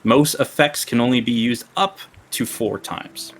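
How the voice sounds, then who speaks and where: A man's voice: medium pitch, measured pace, a little hiss or hum. A man running a tabletop game as game master, narrating playfully and laughing often.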